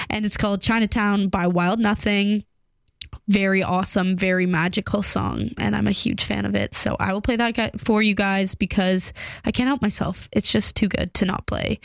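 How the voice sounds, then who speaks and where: A woman's voice: medium pitch, no echo. Young woman host with a cold, congested and stuffy, self-deprecating casual chatter, dry booth sound. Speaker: podcast host. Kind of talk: casual rambling chat.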